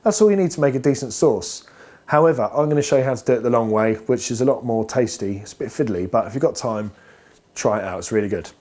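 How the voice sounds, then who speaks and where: A man's voice: medium pitch, animated, fast, a little mellow. A man hosting a cooking video, talking casually and playfully while he cooks in a home kitchen. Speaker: cooking show host. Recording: clear frying noise behind voice. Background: frying and sizzling pan sounds.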